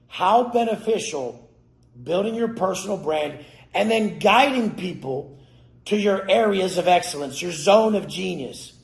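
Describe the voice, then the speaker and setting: A man giving a profane, aggressive motivational rant, cursing and yelling at his listeners. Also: high voice, expressive, unhurried, creaky. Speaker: motivational speaker. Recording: roomy echo.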